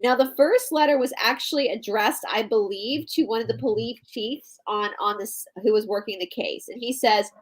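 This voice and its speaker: Co-hosting a live web show, an Atlanta, Georgia woman talks straight to her audience in a chatty style, explaining and reading aloud. She speaks on the high side at a moderate pace with hardly any pauses, over poor audio.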